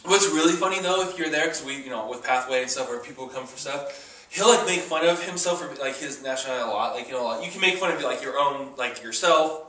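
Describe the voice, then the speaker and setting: This man co-hosts a casual chat show, spinning long rambling stories packed with fillers. He talks fast with a bright, forceful, medium-pitched voice, recorded from a distance in an echoey room.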